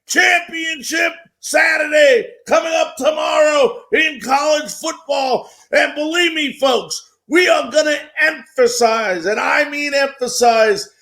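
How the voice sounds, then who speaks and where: Middle-aged man, sports radio host, gravelly high voice, slow, shouty, hammering his points home. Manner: emphatic, repetitive, building hype. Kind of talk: sports talk radio monologue.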